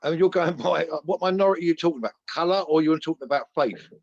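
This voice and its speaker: A man's voice: a little high, fast talker, highs cut off. A man, hosting a heated online debate, brash and rambling. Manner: brash, rambling, laughs at his own jabs. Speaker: host.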